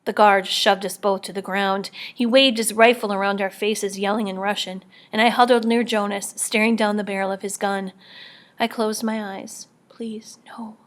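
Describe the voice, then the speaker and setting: A woman narrating an audiobook in the first person, quiet and measured, often near a whisper. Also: mid-range voice, fairly even intonation. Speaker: audiobook reader.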